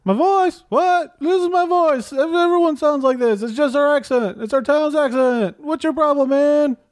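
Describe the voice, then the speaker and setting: A man's voice: extremely high pitch, normal speed, no room sound, clean studio sound, voice pushed up. A man doing a touchy, whiny townsman. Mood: defensive. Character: touchy male townsman, Seinfeld-like.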